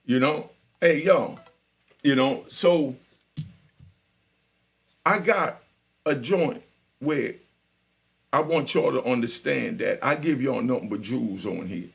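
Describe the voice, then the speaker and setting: A man's voice: medium pitch, takes it slowly, creaky, pauses often. A man in his sixties from Jamaica, hosting a live stream and telling life stories in a conversational way, often checking that the listener is following. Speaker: channel host telling prison and life stories. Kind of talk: casual storytelling on a live stream.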